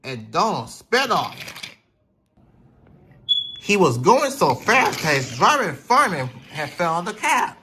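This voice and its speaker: A man's voice: high voice, big pitch swings, a little slow, pauses often, noisy background. A man narrating a toy train story in a plain, rambling way with slips.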